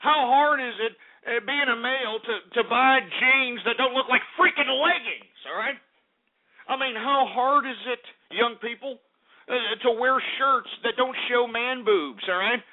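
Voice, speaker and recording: Loud-mouthed radio guy griping about the markets, cussing at listeners, high-ish voice, thin phone-like audio. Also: unhurried. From Texas. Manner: crude, insulting, exasperated, mutters asides. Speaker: radio host. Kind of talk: abrasive comedic market rant.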